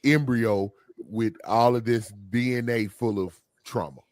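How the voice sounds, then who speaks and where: A man hosting a casual podcast conversation, animated and exclaiming, reading out viewer comments. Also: medium pitch, unhurried, no room sound. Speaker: podcast host.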